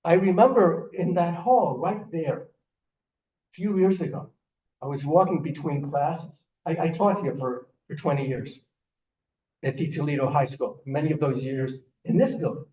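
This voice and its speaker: Speaking at a measured pace, an older man with a slightly high, warm voice gives a rabbi's sermon full of earnest storytelling and repeated restarts. The lo-fi recording captures him from a distance in the echoing room of a synagogue sanctuary.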